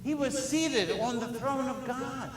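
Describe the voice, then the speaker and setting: A man's voice: very high voice, measured pace, roomy sound, distant mic, a little hiss or hum, low-quality recording. A man preaching a sermon in a conversational way, often putting questions to his listeners. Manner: conversational, asks the congregation many questions. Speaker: pastor.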